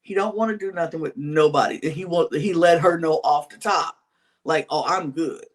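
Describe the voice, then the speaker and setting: A man co-hosting a podcast, recapping a reality dating show in casual chat with lively slang-filled storytelling. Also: on the high side, normal speed. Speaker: podcast co-host.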